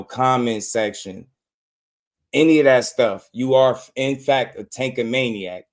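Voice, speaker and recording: A man hosting a boxing channel, delivering a heated, confrontational rant full of repeated lines. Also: medium pitch. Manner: fired-up, repetitive, confrontational.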